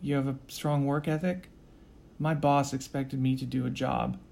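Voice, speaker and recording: A man voicing a soft-spoken, apologetic young rescuer. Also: medium pitch, level tone, gravelly, slight background noise, lightly acted. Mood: gentle pleading. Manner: soft, quiet, halting with repeated restarts.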